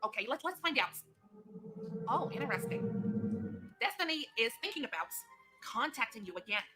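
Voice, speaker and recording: A woman's voice: fairly high pitch, very animated, moderate pace, over loud music. A woman playing a theatrical fake psychic who talks patronizingly and keeps calling her client honey. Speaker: comedic psychic.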